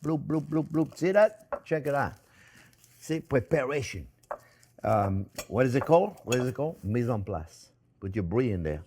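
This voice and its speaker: A man's voice: medium pitch, big pitch swings, moderate pace, a little mellow, a little hiss or hum. A middle-aged man hosting a cooking demonstration as a chef. He is talkative and jokey and calls his viewers friends. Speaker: chef and cooking show host.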